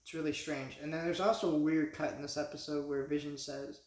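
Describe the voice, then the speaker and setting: A man's voice: a little high, steady tone, fairly quick, roomy sound. A man giving a casual spoken review as a vlogger, rambling with many restarts and fillers.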